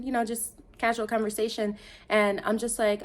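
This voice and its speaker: A woman's voice: a little high, steady tone, brisk. A young woman from Detroit telling a casual storytime monologue, rambling, interrupting herself and laughing often.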